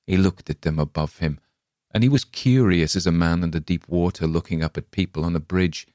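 A man with a very deep, low voice reads a dark tale aloud, measured and ominous. The recording is close and dry, with no room sound at all. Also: no room sound. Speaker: story narrator. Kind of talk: dramatic story reading.

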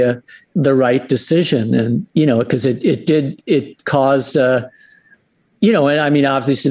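A man's voice: medium pitch, darkish tone, rough recording. A man, a band member, telling a rambling story in a casual interview.

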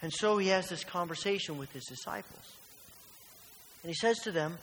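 A man's voice: high-pitched, expressive, moderate pace, fairly bright tone. A man preaching a sermon in a church, earnest and fond of rhetorical questions. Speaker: pastor. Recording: reverberant church hall with faint hiss.

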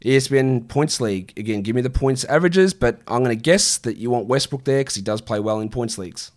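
A man's voice: medium pitch, fairly quick. A man in his thirties hosting a casual fantasy basketball stream, answering viewer questions in a blunt, exasperated way with plenty of swearing. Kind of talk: casual livestream Q&A.

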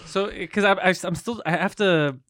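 A man co-hosting a casual chat, animated and quick, acting out quotes with lots of swearing. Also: high voice, dry recording, studio quality. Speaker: podcast co-host.

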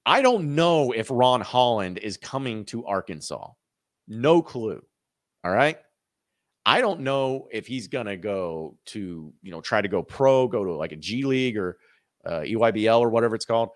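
A man's voice: fairly low pitch, very animated, moderate pace, dry recording, studio quality. A man hosting a college sports podcast, talking casually and animatedly with frequent restarts and asides. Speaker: podcast host.

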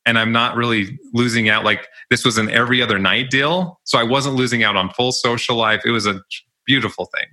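A man's voice: mid-range voice, fairly even intonation, fairly quick, pushed and bright. A young man telling stories about his college jobs in a casual, chatty way, often laughing. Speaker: podcast guest. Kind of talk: casual storytelling interview.

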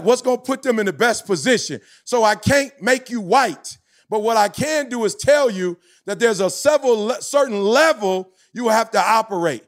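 High-voiced, fired-up man preaching. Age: 40s. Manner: emphatic preacher-like cadence, rising to shouts. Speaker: motivational speaker, podcast host. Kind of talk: passionate podcast talk.

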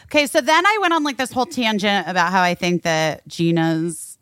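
A woman co-hosting a podcast in casual chat, animated and teasing, laughing easily. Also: mid-range voice, brisk, clean tone, no room sound, clean studio sound. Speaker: podcast co-host.

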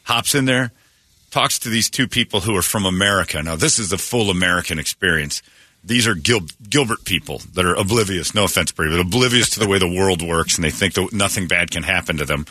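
Male radio host, deep and forceful, dry studio sound, rambling animated storyteller. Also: a little fast, dry recording. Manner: animated retelling with many restarts and fillers. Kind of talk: casual storytelling chat. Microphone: studio microphone.

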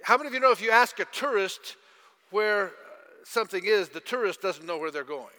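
Casting: bright, sharp-voiced male pastor, storytelling sermon, echoey church hall. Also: high voice, expressive, fairly quick. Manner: storytelling, asks audience questions.

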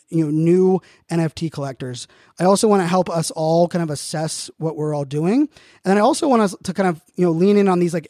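A man hosts his podcast in a loose, rambling monologue, stumbling over restarts and leaning on fillers. His voice sits high but has a warm, mellow tone. The recording is dry and close, with no room sound. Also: no echo. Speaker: podcast host. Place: Phoenix, Arizona area.

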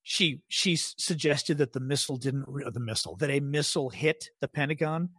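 A man co-hosting a casual political talk show, animated and throwing in quick jokey asides. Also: on the high side, slightly rough, dry recording. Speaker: podcast co-host.

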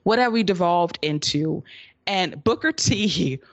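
A podcast co-host recapping a wrestling show, laughing often and turning sarcastic about a bad finish. Voice of middling pitch, recorded dry and close with no room sound. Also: expressive, unhurried, dry recording, highs cut off. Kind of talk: casual wrestling recap chat.

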